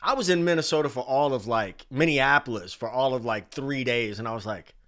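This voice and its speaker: A man in his forties hosting a casual livestream, reading chat names aloud in an animated way. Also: medium pitch, fairly quick. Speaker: livestream host.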